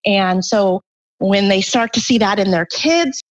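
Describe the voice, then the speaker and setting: Woman guest author, mid-pitched, earnest explainer, slightly muffled recording. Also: unhurried. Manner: earnest, explanatory, acts out parents' voices briefly. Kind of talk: conversational interview.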